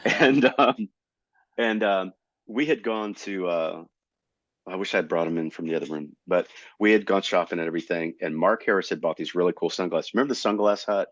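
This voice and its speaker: Middle-aged male comedian, low voice, dry and slightly dull recording, animated storyteller. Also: brisk, no room sound. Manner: animated, jumps into high voices to act out quotes. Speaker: comedian guest. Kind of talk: storytelling in a casual interview.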